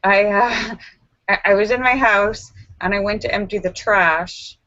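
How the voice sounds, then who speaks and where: A woman vlogger telling a story to camera in a casual, animated way, acting out her own screams and lines of dialogue. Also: medium pitch, a little slow, muffled recording.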